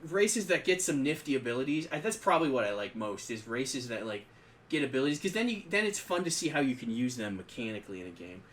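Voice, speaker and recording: Man, bright voice, casual podcast chat, rambling, restarts sentences. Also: medium pitch, sing-song, fast. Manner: rambling and conversational, with frequent restarts. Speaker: podcast co-host. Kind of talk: casual chat about tabletop games.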